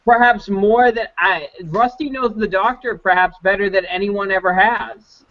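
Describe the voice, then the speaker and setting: A man co-hosting a casual fan podcast, eager and quick to cut in. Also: high-pitched, fairly bright tone. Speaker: podcast co-host. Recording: dull lo-fi audio.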